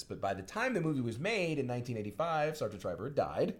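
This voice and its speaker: Man, podcast co-host, casual movie chat, lively up-and-down pitch, jokey. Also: fast talker. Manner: animated, jokey, slips into mock accents.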